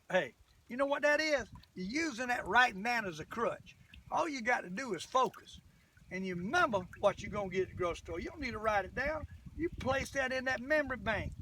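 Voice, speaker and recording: An older man fishing from a boat outdoors chats casually for his fishing vlog, his voice sitting high with a sharp tone. He rambles in a folksy way and calls himself the old fisherman. A distant camera mic picks him up with faint background noise.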